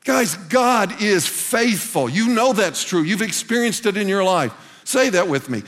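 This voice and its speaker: A man's voice: high-pitched, expressive, measured pace, fairly bright tone. A man preaching a sermon to a congregation, earnestly repeating lines for emphasis. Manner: earnest, repeats phrases for emphasis, calls listeners "guys". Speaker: pastor. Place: church hall with a congregation. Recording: long reverb of a large hall.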